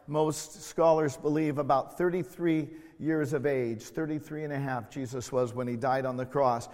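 A middle-aged man preaching a sermon in a church, slow and emotional, swelling loud then dropping to quiet tones. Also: medium pitch, steady tone, big-room sound. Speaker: pastor. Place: church sanctuary.

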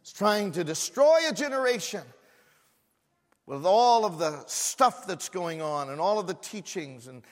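Man, pastor, preaching a sermon, high voice, long reverb of a church hall. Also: animated, unhurried. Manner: preaching with rising fervor, repeating phrases.

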